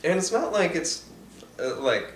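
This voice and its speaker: A man's voice: on the high side, sing-song, a little slow. A man hosting a casual film commentary podcast, talking enthusiastically with lots of "like" fillers. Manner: chatty, enthusiastic, heavy "like" filler. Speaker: podcast host. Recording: roomy echo, distant mic, faint hiss.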